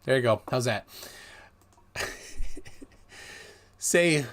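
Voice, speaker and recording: A middle-aged man hosting a livestream, talking casually in a rambling, animated way with many restarts. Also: medium pitch, takes it slowly, pauses often. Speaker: livestream host.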